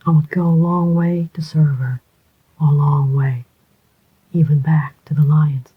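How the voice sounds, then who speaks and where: A reader voicing a cool, steady male ex-convict in a whispered role-play, deliberate and clipped. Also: medium pitch, slightly rough. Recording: dull lo-fi recording.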